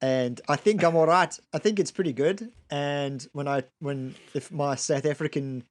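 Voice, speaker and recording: A man co-hosting a podcast in casual chat, chatty and quick to laugh, sometimes repeating words as he restarts a sentence. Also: on the high side. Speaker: podcast co-host.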